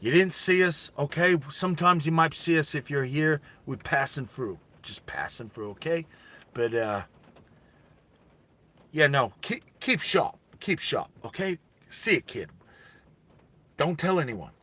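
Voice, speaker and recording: A man voicing a secretive, gruff stranger who speaks low and hushed. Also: animated, measured pace, long pauses, heavily acted. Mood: warning.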